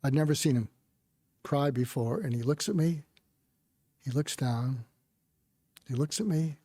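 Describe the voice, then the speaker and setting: Older male guest, mellow and dry, soft reflective storyteller. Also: mid-range voice, measured pace, no room sound. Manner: gentle, reflective storytelling with soft quoted asides. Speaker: psychiatrist guest. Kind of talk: storytelling in conversation.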